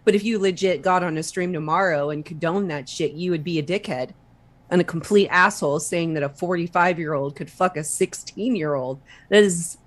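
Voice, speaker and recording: A woman's voice: fairly low pitch, normal speed. A woman, a panelist in a heated online interview, who speaks bluntly, swears freely and scolds the guest.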